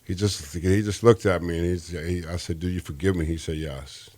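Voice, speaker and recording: A man's voice: sits low, steady tone, normal speed, a little mellow. A man as an interview guest, telling an earnest, rambling faith testimony and often restarting his sentences.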